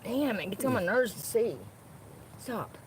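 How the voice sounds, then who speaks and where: A woman's voice: on the high side, expressive, unhurried. A woman livestreaming from inside her car, ranting angrily and with lots of swearing at the people she is talking about. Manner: angry, profane ranting with repeated phrases. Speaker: livestreamer chatting with viewers. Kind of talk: unscripted livestream rant. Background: faint background noise, dogs nearby.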